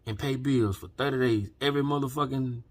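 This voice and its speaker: Husky man ranting, heated and profane. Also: mid-range voice, a little fast. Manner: heated, profane, preachy, swings from quiet to shouting. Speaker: channel host. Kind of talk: impassioned rant to camera.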